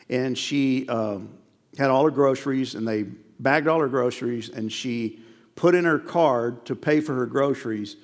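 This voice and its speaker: A male pastor preaching a sermon, earnest and emphatic, repeating key phrases and telling stories to make his point. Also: mid-range voice. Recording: long reverb of a large hall.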